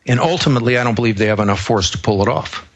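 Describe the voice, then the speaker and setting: A male guest on a talk show, explaining his views in a measured, step-by-step way. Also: mid-range voice. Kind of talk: political talk show discussion.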